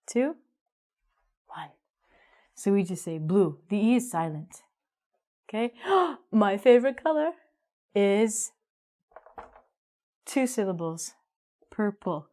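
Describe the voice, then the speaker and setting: A woman teaching an English grammar lesson, upbeat and emphatic, slowing down to stress key words. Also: mid-range voice, expressive, mellow.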